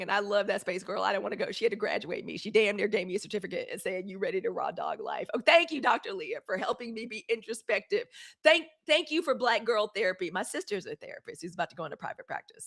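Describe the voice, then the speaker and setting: A woman's voice: medium pitch, fairly bright tone. A woman from Mississippi with a Southern accent, hosting a casual livestream and talking straight to her viewers in a blunt, fiery way. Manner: talks straight to viewers, calls them y'all, fiery and blunt with swearing. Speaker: livestream host.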